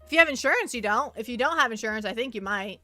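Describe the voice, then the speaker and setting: Young woman streamer, high bright voice, chatty and rambling, stammers and repeats herself. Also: animated, very fast, no room sound, faint music behind. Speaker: virtual streamer. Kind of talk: casual livestream chat.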